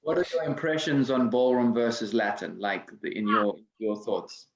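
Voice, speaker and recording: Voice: mid-range voice, fairly even intonation, moderate pace. An interviewer asking casual questions with many hesitant fillers. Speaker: interviewer, host. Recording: echoey, dull lo-fi sound.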